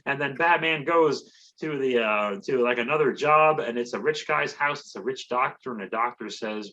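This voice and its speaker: A man's voice: medium pitch, normal speed, sharp tone, highs cut off. A man hosting a comedy podcast, recapping a movie in a rambling, sarcastic way.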